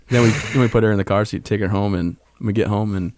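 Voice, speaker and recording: A man in his thirties telling stories as a podcast guest, animated, putting on voices for the people in them and laughing often. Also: on the low side, fast talker, hardly any pauses. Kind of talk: casual storytelling.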